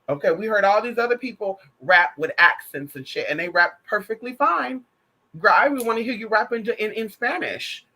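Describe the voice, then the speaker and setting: Sassy, profane celebrity gossip vlogger. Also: medium pitch. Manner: animated, addresses viewer as girl and honey. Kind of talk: casual pop culture commentary.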